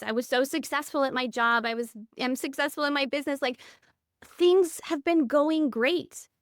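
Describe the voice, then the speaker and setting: A woman's voice: high voice, fairly bright tone, clean tone, no echo, studio quality. A woman in her thirties, a podcast guest telling personal stories in an earnest, candid way. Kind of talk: reflective interview conversation.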